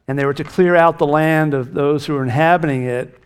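A man's voice: on the high side, fairly even intonation, brisk, clear, resonant tone. A middle-aged man preaching a sermon as pastor, earnest and emphatic, lifting his voice on key phrases.

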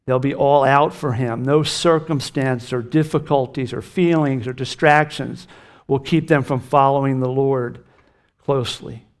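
A man's voice: medium pitch, steady tone, unhurried. Middle-aged male pastor, earnest emphatic sermon delivery, mid-range voice. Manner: earnest, emphatic preaching with lifts on key phrases.

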